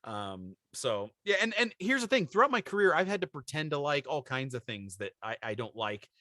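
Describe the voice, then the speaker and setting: A man co-hosting a podcast in casual chat, telling a story with lively acted-out quotes. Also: mid-range voice, fairly quick, no echo, clean studio sound. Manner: animated storyteller, acts out quoted voices. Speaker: podcast co-host.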